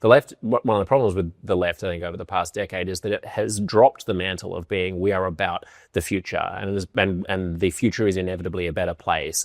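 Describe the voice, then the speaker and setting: A podcast host with a very low voice who puts his points fluently and analytically. His voice is recorded close and dry, with no room echo. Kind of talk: casual interview. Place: indoor room in London.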